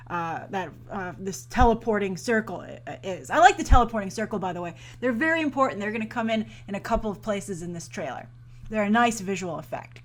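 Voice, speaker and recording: A woman hosting a casual trailer review, chatty and enthusiastic, with quick asides and self-corrections. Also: mid-range voice. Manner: acts out characters' thoughts in playful mock voices. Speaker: host.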